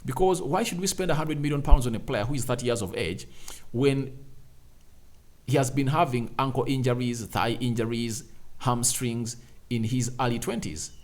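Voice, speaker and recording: A man's voice: mid-range voice, normal speed, darkish tone. A man hosting a fan channel, giving opinionated football commentary with emphatic rhetorical questions and repeated phrases.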